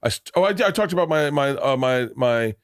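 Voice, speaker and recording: A man's voice: medium pitch, expressive, fairly quick, no echo, clean studio sound. A middle-aged man hosting a podcast, telling stories in a rambling, restart-filled way with plenty of swearing. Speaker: podcast host. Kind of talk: casual chat.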